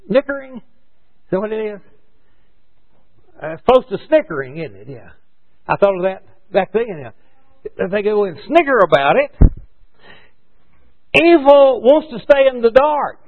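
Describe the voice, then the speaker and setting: A man's voice: high voice, sing-song, unhurried, pauses often. A man preaching a sermon in a conversational way, asking rhetorical questions and correcting himself as he goes. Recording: dull lo-fi recording.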